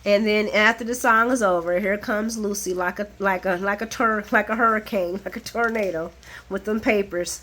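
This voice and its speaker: A woman giving a casual, animated recap of a soap opera, chatty and blunt, laughing often and swearing freely. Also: a little high, moderate pace.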